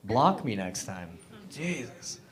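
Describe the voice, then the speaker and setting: A man's voice: mid-range voice, big pitch swings, takes it slowly. Rambling young man doing stand-up. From Hamilton, Canada. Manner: loose, rambling delivery full of fillers and self-deprecating asides. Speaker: open mic comedian. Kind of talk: stand-up set. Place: comedy club stage.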